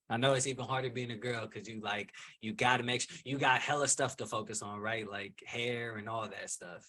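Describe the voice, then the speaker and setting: A man hosting a podcast, asking relaxed, chatty questions full of fillers over a video call. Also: medium pitch, brisk, few pauses. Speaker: podcast host.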